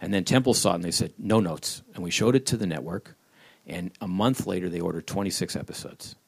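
A man's voice: deep voice, fast talker, gravelly, darkish tone, husky. A man who creates comedy shows tells wry, rambling stories during an audience Q&A at a live panel event. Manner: wry, rambling storyteller who slips into voices.

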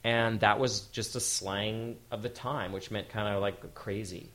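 A man talking as guest at a live onstage interview, lively and full of quick restarts. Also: fairly low pitch. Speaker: showrunner guest. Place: event hall with audience.

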